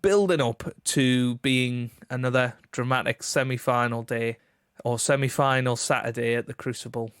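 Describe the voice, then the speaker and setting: A man co-hosting a snooker podcast in casual chat, measured and opinionated, with a teasing side. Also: mid-range voice, steady tone, a bit bright, clean tone, dry recording, clean studio sound. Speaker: podcast co-host.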